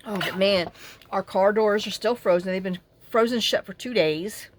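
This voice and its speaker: A woman's voice: mid-range voice, moderate pace, slight background noise. A woman craft vlogger chatting casually while she works at her craft table at home, rambling through a story with plenty of fillers.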